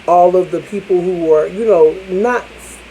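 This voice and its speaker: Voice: mid-range voice, moderate pace, dark tone, slight background noise, poor audio. A vlogger telling a personal story to the camera in a candid, chatty way, with casual swearing.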